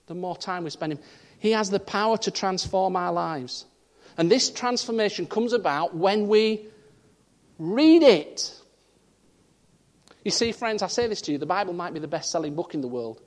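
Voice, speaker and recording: A man from the north of England preaching a sermon and telling a personal story, his voice swinging from loud, high emphasis down to quiet asides. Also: normal speed. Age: 30s. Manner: animated storytelling, voice rising and dropping for emphasis. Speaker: pastor.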